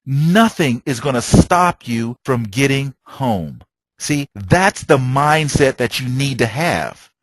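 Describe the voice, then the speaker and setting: A man's voice: medium pitch, animated, slow, no echo. A man training travel agents in a motivational sales talk, telling stories and asking rhetorical questions. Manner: preachy, storytelling with rhetorical questions.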